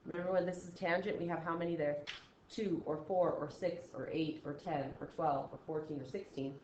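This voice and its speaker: A woman's voice: deep voice, fairly even intonation, moderate pace, darkish tone, a little hiss or hum. Chatty woman teaching math, roomy sound. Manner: chatty, acts out student reactions, frequent "okay?" check-ins. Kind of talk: recorded classroom math lesson. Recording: slightly dull, roomy recording.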